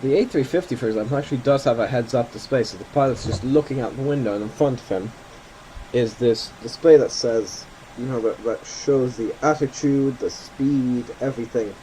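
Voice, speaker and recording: A man's voice: medium pitch, brisk, mellow, a little hiss or hum, low-quality recording. A man giving casual commentary while playing a flight simulator, thinking aloud and correcting himself as he goes.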